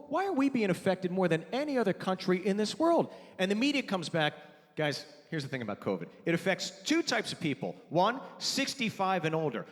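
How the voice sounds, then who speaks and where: A man's voice: sits high, big-room sound. A man doing a stand-up comedy set on stage, telling stories and acting out both sides of the dialogue. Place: theater stage before a live audience. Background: audience laughter.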